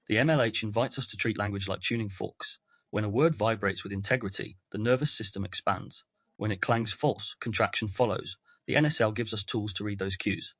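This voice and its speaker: A man hosting a podcast, reading a scripted, reflective essay in a measured way with deliberate pauses. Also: on the low side, fairly bright tone, no room sound. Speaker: podcast host. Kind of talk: scripted narration.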